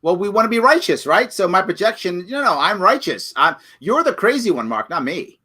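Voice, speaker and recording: A male host with a high, animated voice that swoops around as he talks. His tone is bright and sharp. He jumps in briefly to agree and sum up what his guest says. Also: slightly rough. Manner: quick affirming interjections, sums things up. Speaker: show host. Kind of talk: interview conversation.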